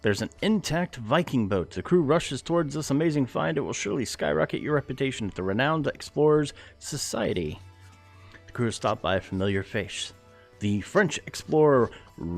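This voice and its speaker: A man with a fairly low voice plays a strategy game and talks over it in an easygoing, chatty way. He reads the on-screen text aloud, then muses through his choices with jokey asides. Quiet game music runs underneath. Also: expressive, moderate pace. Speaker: let's play gamer. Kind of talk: casual gameplay commentary, reading game text aloud.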